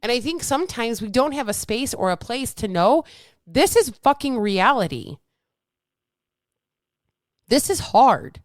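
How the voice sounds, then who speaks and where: A woman's voice: on the high side, big pitch swings, unhurried, pauses often, no room sound. Woman podcast host and coach; casual, blunt, upbeat, dry close recording. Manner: blunt, swears freely, upbeat. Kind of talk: casual motivational talk.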